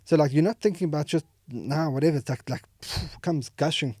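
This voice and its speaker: Brief: higher-voiced man, mellow dry sound, rambling open-hearted podcast guest. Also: brisk, dry recording. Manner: rambling, many fillers and restarts. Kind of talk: candid emotional conversation. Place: podcast studio.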